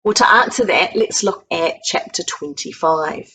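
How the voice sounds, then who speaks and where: A woman with a New Zealand accent giving a sermon as a guest speaker, retelling a Bible story in a lively way and acting out the quoted lines with a raised voice. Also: lowish voice, unhurried, slight background noise, poor audio. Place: home recording for an online church service.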